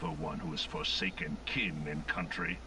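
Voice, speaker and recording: An actor voicing an imperious older male enemy general in a video game cutscene, speaking with cold, measured, mocking authority. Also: rumbling low, fairly even intonation, far from the mic, background noise. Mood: scornful.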